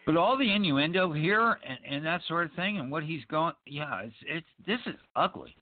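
A man co-hosting a casual movie commentary, earnest and measured, filling his pauses with ums as he makes his points. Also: fairly high pitch, expressive. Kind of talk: casual chat over a movie. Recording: tinny phone-like sound.

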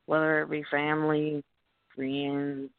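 A woman with a Southern US accent, co-hosting a casual call-in radio show and rambling through animated stories with some cursing. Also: deep voice, takes it slowly, clear, resonant tone, dry recording. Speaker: co-host. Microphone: phone. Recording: tinny phone line.

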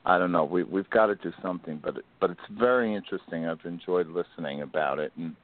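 Male caller, lowish voice, gushing and chatty, telephone sound. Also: quick pace. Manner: enthusiastic, rambling, effusive. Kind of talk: phone-in chat. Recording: telephone line.

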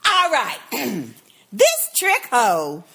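A woman co-host talks through a TV episode in casual chat. Her voice sits a little high and swings widely in pitch. She is blunt, profane and emphatic. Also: wildly swooping pitch, drawn-out words, vocal fry, bright, forceful tone, breathy edge. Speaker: podcast co-host.

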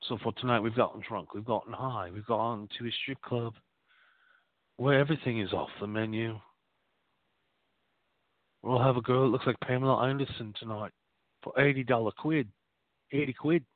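A man's voice: medium pitch, steady tone, moderate pace, pauses often, dry recording. Man, radio host, crude rambling monologue, dry close sound, phone-like band. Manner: rambling, vulgar, mock-boastful.

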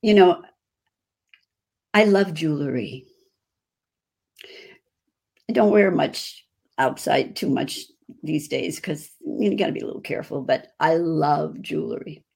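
A woman's voice: low-pitched, slow pace, gravelly, pauses often, a little mellow, husky. An older woman with a Chicago accent, chatting effusively as a guest on a video-call interview. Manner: effusive, chatty, restarts often. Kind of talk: casual interview chat.

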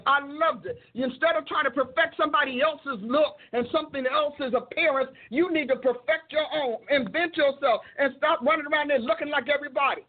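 An older woman who is a minister and host gives a sermon-like talk in a high voice. Her preaching cadence is emphatic and repetitive, and the recording sounds tinny, like a phone.

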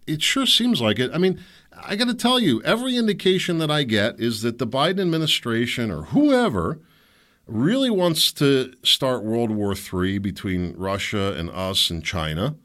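A man's voice: medium pitch, sing-song, normal speed, fairly bright tone. A man hosting a podcast, delivering a rambling, sarcastic and indignant political commentary monologue. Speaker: podcast host.

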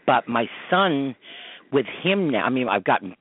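A man's voice: mid-range voice, big pitch swings, measured pace, breathy edge, no echo. A man hosting a call-in radio show, telling long rambling stories full of fillers, over a tinny phone line. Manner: rambling storytelling, many fillers. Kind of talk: casual call-in radio chat.

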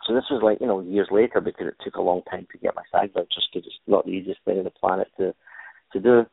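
A man's voice: low-pitched, steady tone, quick pace, creaky, husky, dry recording. A man, a stuntman and actor, telling stories from his career in a casual interview, rambling with many fillers and restarts. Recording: tinny phone-like line, dry.

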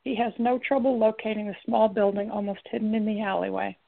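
A woman narrating a story in a steady, even reading. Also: mid-range voice, brisk, gravelly. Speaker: audiobook narrator. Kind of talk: scripted narration. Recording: tinny lo-fi recording.

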